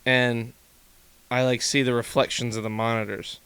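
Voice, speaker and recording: A young man hosting a casual podcast from his home room, telling stories in an animated way and swearing freely. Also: medium pitch, normal speed, smooth, no echo. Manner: animated storytelling, swearing, laughing. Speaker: podcast host. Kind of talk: casual chat.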